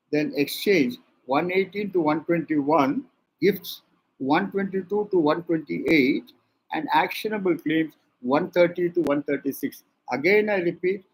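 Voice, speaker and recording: An older man with an Indian English accent teaches law in a measured, dictating way. His voice sits a little high and sounds husky. He poses questions and answers them himself, going over each point again. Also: rough recording. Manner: repeats and dictates points slowly. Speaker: law lecturer. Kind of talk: classroom lecture.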